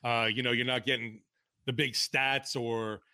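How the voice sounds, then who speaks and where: A man's voice: mid-range voice, level tone, measured pace, bright, forceful tone. A man co-hosting a casual sports podcast, chatting in an easygoing, agreeable way. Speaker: podcast co-host.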